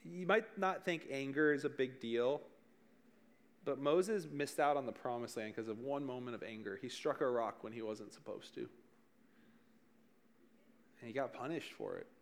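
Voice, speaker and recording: A man's voice: mid-range voice, expressive, normal speed, long pauses. A young man preaching as a youth pastor, talking casually, joking, and asking his listeners questions. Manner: joking, conversational, addresses the room directly.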